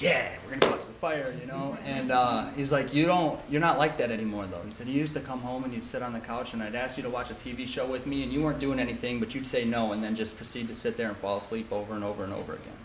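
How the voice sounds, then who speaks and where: Young man, rapid candid storytelling, echoey meeting room, faint hiss. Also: mid-range voice, steady tone. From upstate New York. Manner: candid, storytelling, many filler ums and likes. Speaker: recovery meeting speaker. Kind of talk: personal testimony at a recovery meeting.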